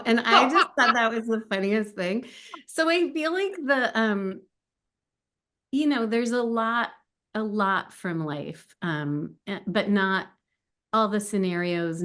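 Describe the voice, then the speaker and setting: A woman's voice: medium pitch, a bit bright. A woman in her fifties, an author talking as a guest in a casual, chatty way, laughing often and using many fillers. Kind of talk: casual chat.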